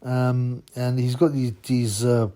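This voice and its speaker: Male channel host, mocking rambling rant, warm low-key tone. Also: level tone, takes it slowly. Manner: mocking, rambling, full of fillers. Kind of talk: ranting commentary.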